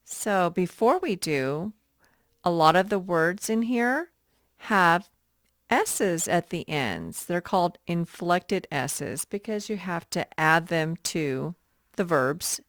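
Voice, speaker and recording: A woman teacher leading an early reading lesson for young children, patient and repeating words slowly. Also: fairly low pitch, animated, no room sound, clean studio sound.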